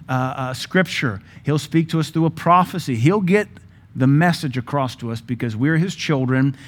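A man preaching a sermon as pastor, emphatic and joking, with sudden louder bursts. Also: on the high side.

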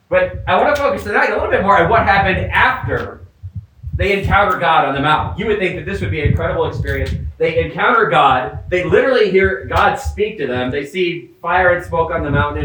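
A priest from the Midwestern US gives a homily outdoors, his voice sitting a little high. He speaks conversationally, trips over repeated words and drops joking asides to his listeners. He sounds far from the mic, with heavy echo around him. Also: fairly bright tone, slight background noise. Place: outdoors in the mountains. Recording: echoey, distant outdoor sound.

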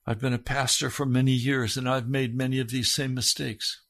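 A man in middle age delivers a sermon as a pastor, his voice sitting at an ordinary male pitch. He moves from low, quiet phrases up to loud, urgent questions aimed straight at his listeners. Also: level tone, normal speed. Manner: preaching with big swings from hushed to loud, urgent questions.

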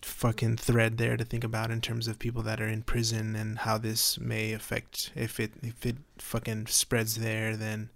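A man chatting casually, halting and hesitant with many fillers, swearing casually. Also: lowish voice, completely flat delivery, creaky, a bit bright. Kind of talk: casual chat.

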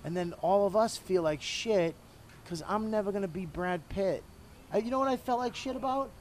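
A man's voice: sits high, normal speed, slight background noise. A middle-aged man, a comedian being interviewed, talking candidly and profanely about himself while smoking a cigar. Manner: candid, profane, self-deprecating. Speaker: comedian guest. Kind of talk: casual interview talk.

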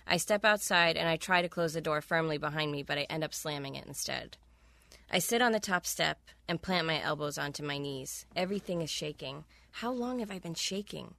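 A woman's voice: deep voice, lively intonation, fairly quick, creaky, pushed and bright. A woman author reading a wry, candid first-person passage from her own novel on a close studio mic.

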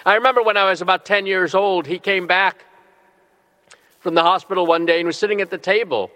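Preaching earnestly in a steady, bright, somewhat high voice, a middle-aged bishop leans on slow and emphatic phrasing. The long reverb of a large church hall surrounds his sermon.

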